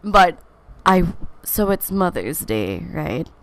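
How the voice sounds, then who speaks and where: A woman's voice: lowish voice, sing-song, slow pace. A young woman, hosting a casual podcast from home. She sounds tired and talks in a candid, scattered way with lots of fillers and restarts. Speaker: podcast host. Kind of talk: casual rambling podcast chat.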